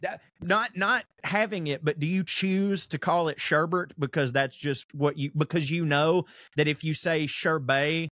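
A young man, co-hosting a podcast in casual, animated chat, telling stories and swearing freely. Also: a little high, a little slow, few pauses, no room sound, studio quality. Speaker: podcast co-host.

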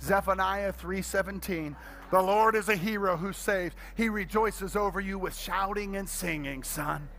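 A middle-aged pastor preaching an energetic sermon, telling comic stories and swinging between quiet asides and loud shouting. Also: male voice, sits high, measured pace, creaky, slight background noise.

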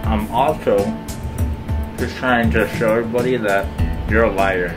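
A man's voice: fairly low pitch, steady tone, measured pace. A middle-aged man filming a move, joking and teasing in casual banter with frequent laughs. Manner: playful, joking, laughs often. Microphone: handheld camera. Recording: music playing over the talk.

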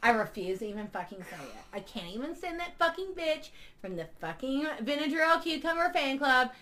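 A woman's voice: high voice, very animated, fairly quick, a bit bright. Woman playing a foul-mouthed gushing superfan. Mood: indignant. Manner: swears constantly, gushing and dramatic. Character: obsessed female superfan, crude and excitable. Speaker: fan club member. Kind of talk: comedy sketch acting.

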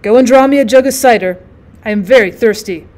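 A woman reading the lines of a gruff, weary middle-aged farmer giving curt orders. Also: on the high side, fairly quick, darkish tone, lightly acted.

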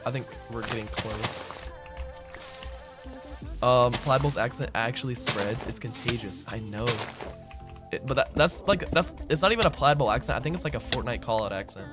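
Laid-back male streamer, mid-range voice, answers chat loosely over clear background music. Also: mid-range voice, moderate pace. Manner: relaxed, answers chat aloud, says "bro" a lot. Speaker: streamer and server owner. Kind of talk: casual livestream chatter while gaming.

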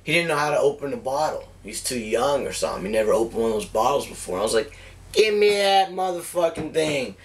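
A man's voice: medium pitch, fast, hardly any pauses, far from the mic. Profane rambling man, a bit off-mic. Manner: rambling, heavy swearing, animated retelling. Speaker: cigar reviewer telling a story. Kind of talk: casual profane storytelling.

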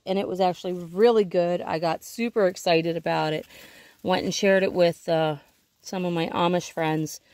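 A woman with a slightly low voice chats her way through an outdoor vegetable garden, filming as she walks. She rambles and corrects herself freely in a casual vlog style. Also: a little mellow, dry recording. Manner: chatty, rambling, self-correcting. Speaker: homesteading vlogger. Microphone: handheld camera she films herself.

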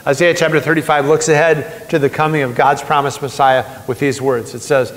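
A man's voice: a little high, little pitch movement, brisk, hardly any pauses, fairly bright tone. A male pastor giving a conversational sermon to a seated congregation, repeating key phrases for emphasis. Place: church sanctuary with seated congregation. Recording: long church reverb.

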